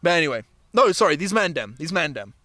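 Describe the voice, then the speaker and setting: High-voiced young man telling stories. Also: fast, no room sound, clean studio sound. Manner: animated storytelling with acted-out quotes, laughs often. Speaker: podcast host. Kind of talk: casual chat.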